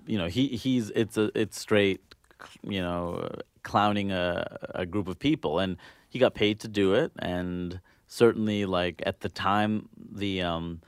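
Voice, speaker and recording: A man's voice: sits low, unhurried, clear, resonant tone, no room sound, studio quality. A man being interviewed as a filmmaker, earnest and thinking aloud with many fillers. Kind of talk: casual interview.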